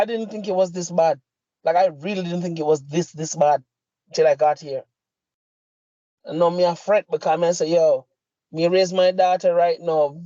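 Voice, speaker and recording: Speaking with a Jamaican accent, this middle-aged podcast co-host delivers an angry, cursing, forceful rant. His voice is high and a little mellow. The lo-fi recording is dry and somewhat muffled, without any echo.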